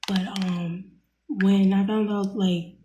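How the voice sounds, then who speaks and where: A young woman tells a story in a loose, casual vlog, with lots of fillers and blunt swearing. Her voice is mellow and warm. The room is echoey, and a faint hiss runs under her voice. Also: medium pitch, fairly even intonation, slow. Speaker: vlogger.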